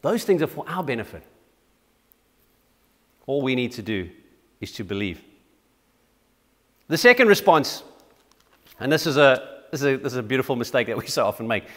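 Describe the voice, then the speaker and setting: A man's voice: mid-range voice, big pitch swings, normal speed, pauses often, fairly bright tone, in a large hall. A man preaching a sermon in a conversational, self-deprecating way with frequent restarts. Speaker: pastor. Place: church.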